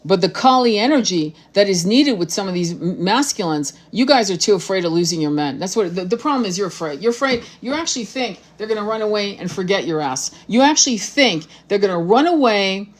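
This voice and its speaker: A woman's voice: mid-range voice, lively intonation, fairly quick, few pauses. A woman hosting a live spiritual talk as a tarot reader, blunt, profane and fiery, repeating phrases for emphasis.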